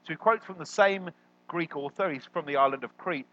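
A man preaching a sermon as a guest, animated and jokey, jumping up in pitch when he quotes people. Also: fairly quick, no room sound, muffled recording. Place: church hall.

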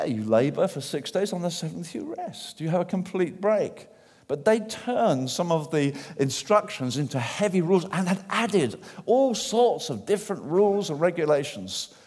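A man preaching a sermon in church, animated and acting out the voices of people he quotes. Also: a little high. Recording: long hall reverb.

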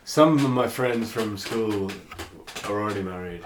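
A man's voice: fairly low pitch, normal speed, background noise. A man in a casual chat who talks in a laid-back way, using lots of fillers and asking curious questions.

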